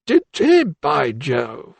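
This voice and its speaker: A man voicing an elderly anatomist in an audiobook, gruff and blustering, with a raised, slow, drawn-out delivery. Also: a little high, huge pitch swings, no room sound, pitched above the performer's own voice, heavily acted. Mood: insistent, commanding.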